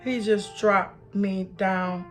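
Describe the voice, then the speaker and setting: Slow, earnest woman vlogger testifying. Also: medium pitch, steady tone, soft background music. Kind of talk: motivational personal vlog.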